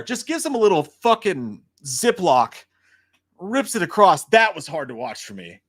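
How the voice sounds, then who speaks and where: A man's voice: high voice, normal speed, dry recording. A man hosting a casual livestream, talking in a loose, profane way and answering chat comments. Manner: profane, animated storytelling. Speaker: host.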